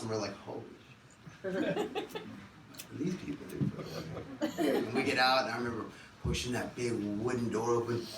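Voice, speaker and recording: A man tells a story on a venue stage in an animated, profane way and acts out the people in it. He has a mid-pitched voice. It carries through a roomy hall and is picked up from a distance over clear background noise. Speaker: musician telling a story on stage. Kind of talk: live storytelling. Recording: echoey live room from far off, noisy.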